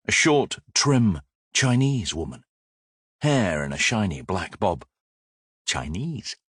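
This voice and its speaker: A man reading an audiobook thriller in a steady, measured narration. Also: lowish voice, breathy edge, no echo, studio quality. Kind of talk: scripted narration.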